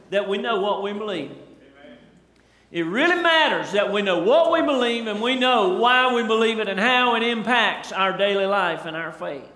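Man, pastor, emphatic sermon, very high bright voice, long church reverb. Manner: fervent, emphatic preaching with rising exclamations. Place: church sanctuary.

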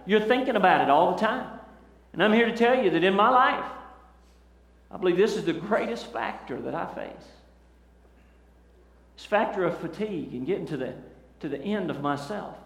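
A man's voice: high voice, lively intonation, normal speed, gravelly, long pauses, a bit bright. A man preaching a fervent sermon, asking the congregation questions. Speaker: pastor. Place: large church hall. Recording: echoey church hall recording.

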